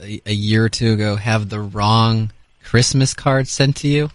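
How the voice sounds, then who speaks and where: A man's voice: on the low side, unhurried, no room sound. A man co-hosting a morning radio show, skeptical and wisecracking in casual banter. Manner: wisecracking, skeptical, quizzing the others.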